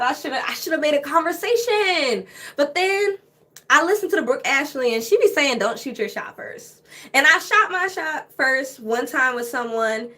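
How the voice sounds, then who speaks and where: Chatty, animated woman with a high voice. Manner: animated, gossipy, laughs between sentences. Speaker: flight attendant. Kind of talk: casual chatty storytime to camera.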